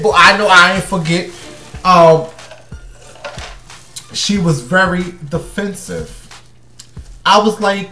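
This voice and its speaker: Man, sassy gossip host, fairly high voice, echoey room, faint music behind. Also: expressive, slow pace, long pauses. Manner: sassy, blunt and chatty, with swings between loud and hushed. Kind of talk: casual gossip commentary.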